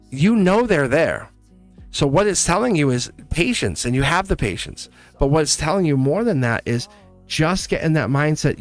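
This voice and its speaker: A man doing a live tarot reading, talking straight to the viewer with warm encouragement and lots of repetition. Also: medium pitch. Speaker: tarot reader.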